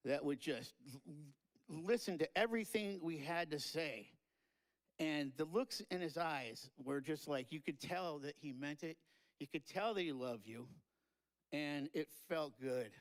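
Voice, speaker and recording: Guy with a higher voice giving a eulogy, rambly, jokey, choking up now and then, lots of uh and you know. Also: poor audio. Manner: rambling, tearful and joking, with many fillers. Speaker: eulogy speaker. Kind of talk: memorial tribute speech. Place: live-streamed memorial event.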